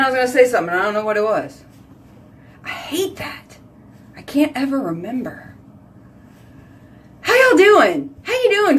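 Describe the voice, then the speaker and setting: A woman's voice: fairly low pitch, slight background noise. A woman from Houston with a Texan accent, chatting casually at home by her sink as a vlog host, bubbly and rambling. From Houston, Texas. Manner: bubbly, rambling, says y'all a lot.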